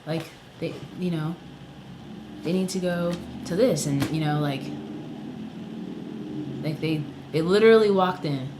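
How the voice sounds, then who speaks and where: Noise fills the background as this songwriter vlogger, his voice on the high side, angrily rants with frequent swearing. He speaks a little slowly and leaves long pauses, leaning heavily on "you know" and "like."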